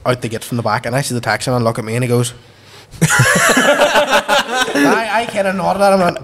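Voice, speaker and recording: A man's voice: medium pitch, brisk, creaky, heavy background noise. Man, Derry accent, podcast guest, casual storytelling, acts out the dialogue, swears freely. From Derry, Northern Ireland. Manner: animated yarn-spinner acting out dialogue, swears freely.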